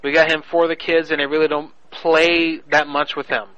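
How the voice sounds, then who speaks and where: Brash, bright-voiced radio prank host. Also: male voice, on the high side, little pitch movement, moderate pace, no room sound, dull audio. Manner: loud, crude, laughing banter. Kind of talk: casual radio banter.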